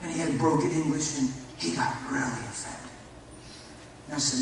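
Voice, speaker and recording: A man's voice: medium pitch, moderate pace. A man preaching as a pastor, telling a story and acting out the dialogue. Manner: animated storyteller, acts out dialogue. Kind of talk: sermon storytelling. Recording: echoey hall, far from the mic, noisy.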